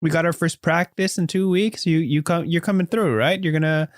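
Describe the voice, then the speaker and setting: A man's voice: steady tone, brisk, no room sound, clean studio sound, natural voice. A man voicing a worried, friendly teenage boy from the football team, talking eagerly in a raised voice. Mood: concerned. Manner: eager, pleading, higher and brighter than his narration.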